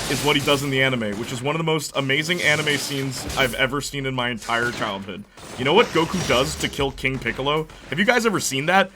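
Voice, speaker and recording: Let's-play host, young man, lively rambling chatter with game music underneath. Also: fairly high pitch. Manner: rambling, joking, animated storytelling. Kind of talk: casual gameplay commentary.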